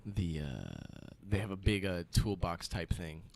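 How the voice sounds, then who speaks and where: A man's voice: sits low, a little slow, darkish tone, a little hiss or hum. A young man co-hosting a casual chat, telling stories with lots of laughter and swearing. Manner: laid-back, laughs often, swears, acts out others. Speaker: podcast co-host.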